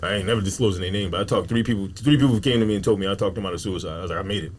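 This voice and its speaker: A man's voice: deep voice, very fast, a little hiss or hum. A man from Newark, a comedian guest, talking bluntly in streetwise slang on a casual podcast, acting out what people say. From Newark, New Jersey.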